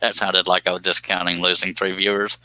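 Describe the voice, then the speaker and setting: Sharp-voiced joking man. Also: low-pitched, little pitch movement, a little fast, no echo. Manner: folksy, joking, self-deprecating. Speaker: woodworking live streamer. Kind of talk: casual live stream chat.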